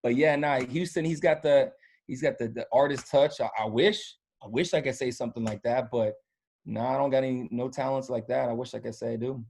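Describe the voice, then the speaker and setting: A man's voice: medium pitch, steady tone, fairly quick, gravelly, a little mellow. Man telling loose, slangy stories. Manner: loose, slangy storytelling with many fillers. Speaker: podcast guest, former college football punter. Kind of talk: casual chat.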